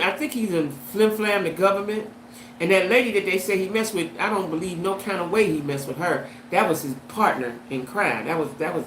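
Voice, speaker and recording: Woman vlogger, animated and chatty, echoey room, faint hiss. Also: on the low side. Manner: animated, talks to viewers with "right?" and "you know what I'm saying". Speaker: host. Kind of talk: casual commentary vlog.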